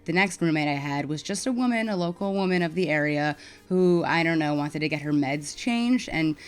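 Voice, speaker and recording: Frank New York woman with a lowish voice. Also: lively intonation, moderate pace, clean tone, faint music behind. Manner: frank and wry, gets loud and heated when retelling arguments. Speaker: mental health advocate vlogger. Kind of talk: casual personal storytelling to camera.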